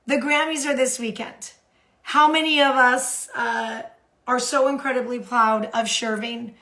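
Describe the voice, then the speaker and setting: Animated woman hosting a live stream. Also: fairly high pitch, normal speed. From United States. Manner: animated, repeats phrases for emphasis. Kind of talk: live social media stream.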